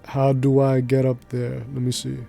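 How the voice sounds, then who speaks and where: A man streaming a game talks casually to his chat, rambling from one story to the next with plenty of slang. His voice is mellow and dark and stays very flat in pitch, with faint music playing underneath. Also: moderate pace, vocal fry. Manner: rambling, slangy, laughs easily. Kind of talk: casual chat while gaming.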